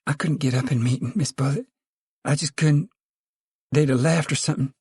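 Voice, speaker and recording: A man's voice: a little high, steady tone, moderate pace, darkish tone, husky, dry recording, studio quality, pitched above the performer's own voice. A man doing a whining, flustered poor mother. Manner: whining, pleading.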